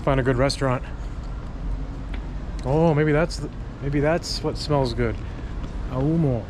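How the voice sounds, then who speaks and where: A man's voice: medium pitch, measured pace. A man talking casually to his camera as he walks outdoors, chatting and thinking aloud. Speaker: travel vlogger. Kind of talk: casual walking vlog narration. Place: outdoors on city streets and hill paths. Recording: street noise behind. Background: street and traffic noise.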